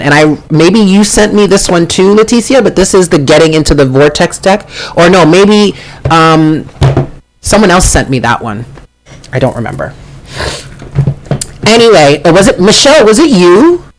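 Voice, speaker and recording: Brief: male live-stream host, higher-pitched, talkative, self-mocking, at a home desk mic. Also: slight background noise. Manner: chatty, self-deprecating, exclaims often. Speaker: tarot reader and channel host. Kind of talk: casual live-stream chat.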